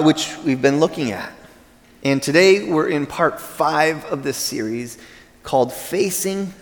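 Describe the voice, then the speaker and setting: A man's voice: a little high, fairly bright tone. A man in his forties preaching a sermon, telling a personal story casually and then teaching steadily from scripture. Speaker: pastor. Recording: long reverb in a large hall.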